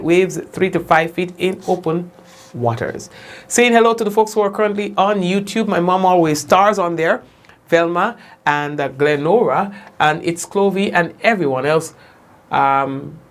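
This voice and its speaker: A man hosting a casual live news show, chatty and laughing often, his voice jumping high when he tells a joke. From Saint Vincent and the Grenadines. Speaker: news host.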